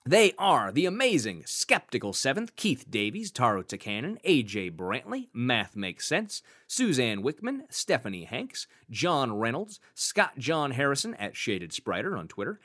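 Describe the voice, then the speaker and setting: Lively, animated man co-hosting a podcast. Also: mid-range voice, unhurried, hardly any pauses. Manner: animated, joking, thinks aloud with fillers. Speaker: podcast co-host. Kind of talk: casual podcast chat.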